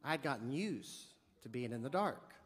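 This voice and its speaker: A man's voice: medium pitch, moderate pace, long reverb tail. A man preaching a sermon, telling a funny story with lots of acted-out dialogue and comic asides. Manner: animated, jokey storyteller acting out dialogue.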